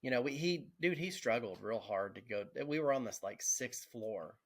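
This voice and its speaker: A man's voice: medium pitch, animated, normal speed. A man, a podcast co-host telling stories casually, laughing through them and swearing freely. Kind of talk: casual storytelling.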